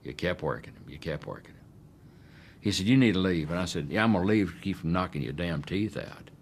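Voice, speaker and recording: An older man, recalling events in a documentary interview and acting out the dialogue forcefully. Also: low voice, expressive, a little fast, slight background noise. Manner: emphatic, acts out quoted dialogue.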